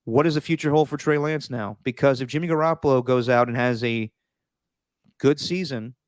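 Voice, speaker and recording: Earnest and emphatic, this podcast co-host chats casually about sports at a moderate pace, his voice smooth, resonant and mid-pitched. When he gets worked up he trips over and repeats words. It's a dry, close recording with no echo.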